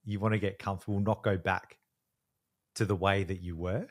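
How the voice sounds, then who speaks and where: A man muses in a fairly low voice, slipping into jokes and swearing for emphasis. His talk is casual and reflective, like a friend's chat over coffee. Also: flat delivery, a little fast.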